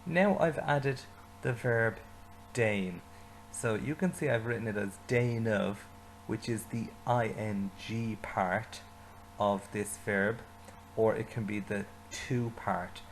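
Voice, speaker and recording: A man teaching an Irish language lesson, saying phrases slowly and asking learners to repeat them. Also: lowish voice, a little hiss or hum, rough recording. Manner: slow repetition, leading learners to say phrases with him.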